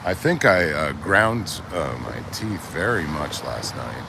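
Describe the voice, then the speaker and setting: A man's voice: very deep voice, takes it slowly, gravelly. A man streaming live while driving, chatting casually and greeting viewers by name. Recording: steady road and vehicle noise.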